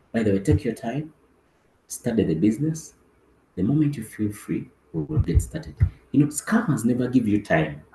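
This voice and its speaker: Animated man coaching a team. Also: fairly low pitch, echoey room, a little hiss or hum, low-quality recording. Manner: animated, acts out dialogue, repeats words. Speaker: business team trainer. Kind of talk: motivational training talk.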